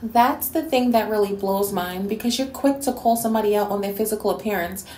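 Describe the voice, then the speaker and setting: A woman's voice: medium pitch, fairly quick, dark tone, reverberant, slight background noise. A woman from New York City delivering a scolding, sassy rant in a response video. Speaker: YouTube commentator.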